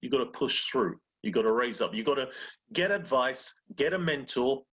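Animated husky man giving a pep talk. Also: medium pitch, normal speed, muffled recording. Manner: animated, acts out inner voices. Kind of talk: casual motivational talk.

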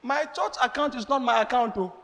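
A man preaching a sermon as pastor, animated, acting out exchanges and laughing as he speaks. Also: very high-pitched, fairly quick, in a large hall.

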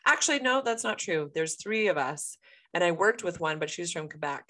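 A woman with a Western Canadian accent tells a story on a casual podcast. Her voice sits a little low, and her delivery is animated and frank, with frequent laughter. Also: fairly quick. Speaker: podcast co-host.

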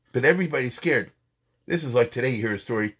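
A man giving an animated, conversational Torah lecture, acting out quoted lines. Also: medium pitch, husky. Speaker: Torah teacher.

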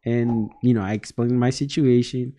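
A man's voice: medium pitch, normal speed. Laughing Salvadoran man telling a story. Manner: animated storyteller, acts out quotes, laughs often. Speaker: podcast co-host. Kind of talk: casual storytelling chat.

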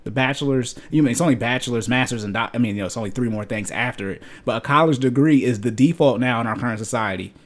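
A man's voice: medium pitch, fast, hardly any pauses. A young adult man hosting a finance podcast, ranting bluntly and lecturing listeners with homespun analogies. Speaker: podcast host. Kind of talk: personal finance podcast rant.

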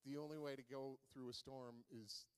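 A man's voice: medium pitch, fairly even intonation, moderate pace, smooth. A man preaching a sermon in a conversational way, asking the listeners many rhetorical questions. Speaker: pastor. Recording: long reverb of a large hall.

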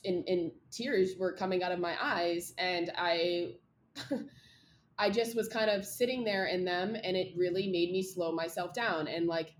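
A woman's voice: on the low side, echoey room, a little hiss or hum. A young woman co-hosting a podcast, talking candidly in casual chat, rambling with lots of "like". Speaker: podcast co-host.

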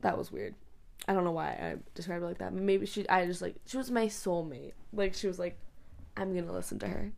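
A woman's voice: on the low side, brisk, vocal fry, darkish tone. A young woman chatting casually in a vlog, rambling with many fillers and frequent giggles. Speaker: vlogger. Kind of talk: casual chat. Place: bedroom.

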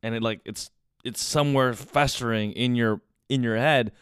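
A man's voice: mid-range voice, fairly even intonation, normal speed, clean tone, no echo, clean studio sound. A young man from the United States hosting a casual podcast monologue, talking candidly and confessionally and swearing often. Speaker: podcast host.

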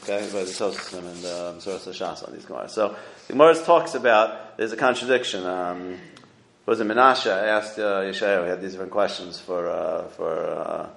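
A man's voice: low voice, normal speed, vocal fry, fairly bright tone, roomy sound. A man giving a casual Talmud lesson, translating the Aramaic as he goes and often checking in with "okay?" and "right?". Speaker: Torah teacher.

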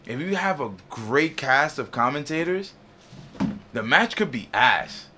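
A man co-hosting a casual podcast, talking in an animated, slangy way and laughing often. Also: mid-range voice, measured pace, slight background noise. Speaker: podcast co-host. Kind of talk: casual chat.

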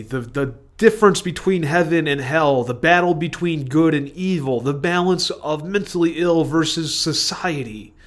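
Rambling, higher-voiced man on a solo podcast. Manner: digressive, stream-of-consciousness, self-interrupting. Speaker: podcast host.

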